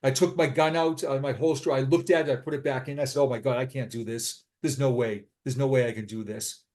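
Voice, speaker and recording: Middle-aged male guest, earnest and halting, mid-range voice, often repeats himself. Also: mid-range voice, steady tone, darkish tone. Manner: earnest, halting, with frequent repetitions. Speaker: podcast guest, retired police sergeant. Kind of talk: personal storytelling in an interview. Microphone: remote call.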